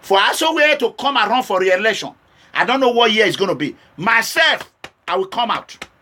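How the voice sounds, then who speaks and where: Impassioned Nigerian man, high and bright. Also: lively intonation, moderate pace, a little hiss or hum. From Edo State, Nigeria. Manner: impassioned, switching between warning and pleading. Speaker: political vlogger. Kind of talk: direct-to-camera political address.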